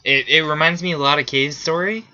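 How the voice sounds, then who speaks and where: A man's voice: fairly high pitch, steady tone, brisk, sharp tone, lo-fi sound. A man hosting a gaming vlog, talking casually off the cuff with many fillers and restarts. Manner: rambling, frequent fillers and restarts. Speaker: gaming video host. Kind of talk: casual unscripted vlog talk.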